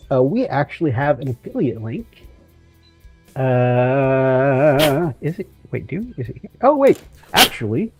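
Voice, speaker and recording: A woman co-hosting a casual live chat, scattered and correcting herself as she plugs a discount code. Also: sits low. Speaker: co-host.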